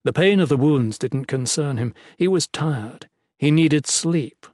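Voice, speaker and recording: A man narrating a fantasy audiobook in a steady, even storytelling voice. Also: a little high, unhurried, dry recording, clean studio sound.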